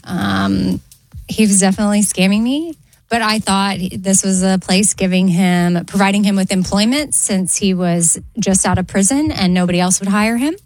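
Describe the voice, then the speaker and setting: A woman's voice: mid-range voice, normal speed, darkish tone, rough recording. A woman co-hosting a casual chat show, easygoing and laughing often. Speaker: co-host.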